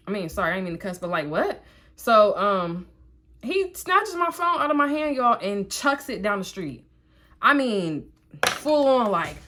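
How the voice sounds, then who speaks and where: A young woman tells a personal story to her viewers while she does her makeup. Her talk is chatty and animated, and it is full of asides and "like" fillers. She keeps an easy, conversational tone throughout. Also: medium pitch, normal speed. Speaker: vlogger.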